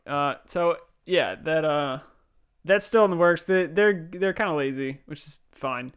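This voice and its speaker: A man's voice: a little high, unhurried, fairly bright tone, clear, resonant tone. A young man with a slightly raised voice chats casually as a podcast co-host. He is laid-back and joking, telling stories with offhand asides. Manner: joking, laid-back, drifts into silly put-on quotes. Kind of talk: casual chat.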